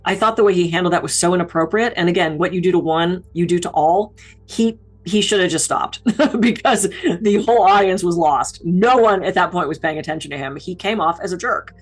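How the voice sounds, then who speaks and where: Woman keynote speaker with a slightly low voice, chatty and relatable, telling stories. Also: fairly quick, soft background music. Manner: expressive, down-to-earth storytelling. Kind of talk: conversational speaking advice.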